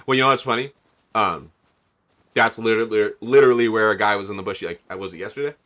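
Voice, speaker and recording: A man's voice: lowish voice, fast talker, pushed and bright. Chatty male game streamer. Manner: chatty, laughing, thanks viewers as he plays. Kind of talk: casual livestream chat.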